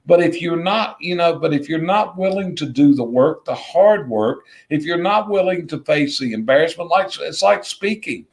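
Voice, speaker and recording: A man's voice: a little high, lively intonation, moderate pace, hardly any pauses. A middle-aged man with a Southern US accent, a business coach talking bluntly and emphatically as a guest in an interview, repeating his points for effect. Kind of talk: casual interview talk.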